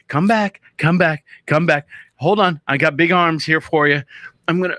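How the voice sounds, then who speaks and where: High, bright-voiced rambling show host. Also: male voice, expressive, moderate pace, no echo. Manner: rambling, self-interrupting, jokey asides. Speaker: podcast host. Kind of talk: casual solo talk show monologue. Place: radio studio.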